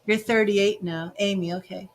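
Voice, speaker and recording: A woman's voice: mid-range voice, fairly even intonation, normal speed. A woman giving live psychic medium readings, chatty and emotional, with many fillers. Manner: emotional, gushing, tearful at times. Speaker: tarot reader and psychic medium.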